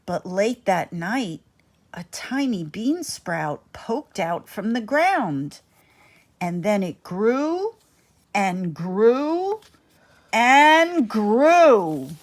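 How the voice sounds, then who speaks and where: Woman storyteller, slow and dramatic, lively pitch. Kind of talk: bedtime story narration.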